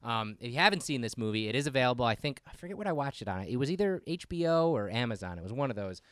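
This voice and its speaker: A man hosting a podcast in casual chat, animated and rambling, laughing often. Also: medium pitch, fast, clear, resonant tone, no echo, clean studio sound. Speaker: podcast host.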